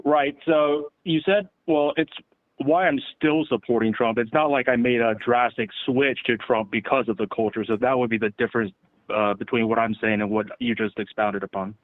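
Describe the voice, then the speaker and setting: A man in his late thirties calling in, debating calmly and asking questions back. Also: mid-range voice. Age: 30s. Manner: measured, asks questions back. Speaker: caller. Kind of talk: calm debate on a call-in show. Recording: tinny phone line.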